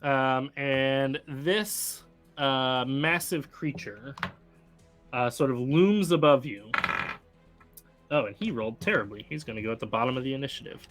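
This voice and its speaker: A man's voice: medium pitch, a bit bright, soft background music. A man running a tabletop game as game master, narrating with many fillers and restarts. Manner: halting, full of fillers and restarts.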